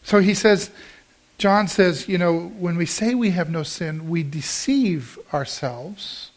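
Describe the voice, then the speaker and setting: A man's voice: sits high, slow. A middle-aged male pastor preaching a sermon, telling a story in a conversational way with emphatic rises.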